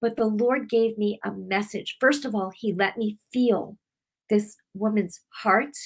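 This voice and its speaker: A woman's voice: medium pitch, a little slow, husky. Middle-aged woman preaching on her weekly broadcast, emotional and rambly, lots of restarts. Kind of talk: heartfelt sermon with personal testimony.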